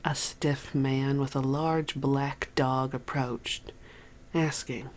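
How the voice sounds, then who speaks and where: An audiobook narrator reading a memoir in an unhurried storytelling manner. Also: medium pitch, flat delivery, a little hiss or hum.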